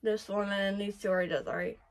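A woman's voice: medium pitch, steady tone, fairly quick. A young woman reacting to an anime episode, gushing and exclaiming often, squealing when she is moved. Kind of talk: excited anime reaction commentary.

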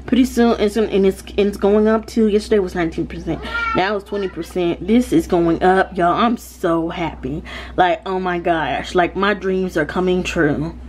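A woman with a Southern American accent talking casually to her viewers in a home vlog, animated and full of "y'all" and "like.". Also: fairly low pitch, normal speed, a little hiss or hum. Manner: animated, addresses viewers as y'all, lots of likes. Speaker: vlogger.

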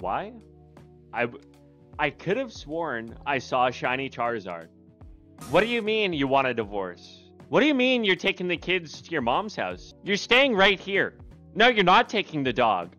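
A man's voice: medium pitch, fairly bright tone, lo-fi sound. A Canadian man with a Canadian accent acting out a desperate husband hooked on card gambling, pleading and defiant on the phone. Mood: sheepish.

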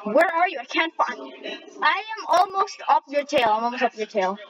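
Excitable high-voiced female gamer shrieking. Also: moderate pace, crowd noise, rough recording. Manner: excitable, shrieking exclamations, jokey trash talk. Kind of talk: live gaming commentary.

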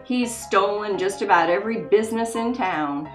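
A woman's voice: medium pitch, moderate pace, reverberant, soft background music, natural voice. A woman playing a friendly frontier saloon owner with a welcoming manner. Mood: earnest.

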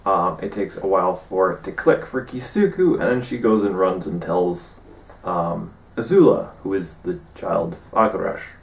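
A man recapping his tabletop game session as game master, rambling with many pauses and fillers. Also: deep voice, lively intonation, vocal fry. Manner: rambling, many ums, quotes players in brief character bits. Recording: echoey room, far from mic.

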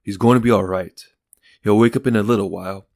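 A man playing a shaken young father who speaks in clipped, sharp lines. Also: on the low side, fairly even intonation, a little fast, creaky, dry recording, clean studio sound. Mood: reassuring.

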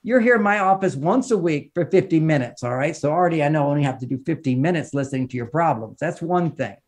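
A man with a fairly high voice talks as a relationship counselor and author on a podcast. He lectures with emphasis and pushes his pitch and volume up to drive a point home. He often repeats phrases in lists. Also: lively intonation, quick pace. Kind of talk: animated advice talk in an interview.

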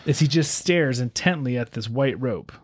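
A man hosting a podcast, telling a story in a relaxed, chatty way with lots of fillers. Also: mid-range voice, moderate pace, a little hiss or hum. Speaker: podcast host. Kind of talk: casual storytelling chat.

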